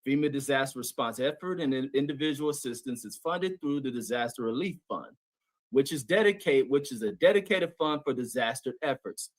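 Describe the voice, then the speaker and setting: A man's voice: medium pitch, fairly quick, no echo. A man in a heated live-stream debate, needling his opponent and reading fact checks aloud. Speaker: debate panelist.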